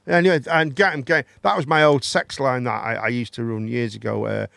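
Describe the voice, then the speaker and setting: A man's voice: medium pitch, steady tone, fairly quick, creaky, hardly any pauses, a bit bright, dry recording. An English man hosting a casual chat show, rambling and cheeky with a jokey manner. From England. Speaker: host.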